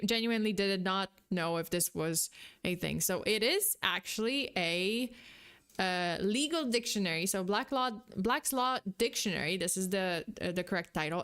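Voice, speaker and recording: A young woman streaming a reaction video, reading and thinking aloud in a giggly, excitable way. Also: mid-range voice. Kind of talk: casual reaction commentary.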